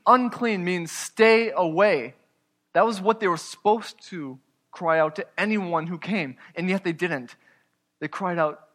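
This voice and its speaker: A man preaching a sermon as pastor, earnest, moving between loud emphasis and quiet, hushed asides. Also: high voice, animated, measured pace, in a large hall.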